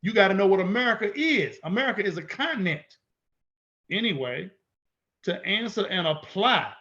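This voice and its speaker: A man's voice: high-pitched, expressive, moderate pace, sharp tone, dull audio. A man teaching in an emphatic way, repeating his points and asking rhetorical questions. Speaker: instructor. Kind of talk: teaching lecture.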